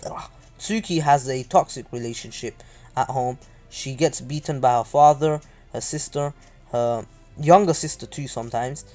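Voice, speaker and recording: Guy rambling through a fan story, lots of uhs, quiet music under it. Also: mid-range voice. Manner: rambling, many "uh"s and asides. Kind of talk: casual story retelling.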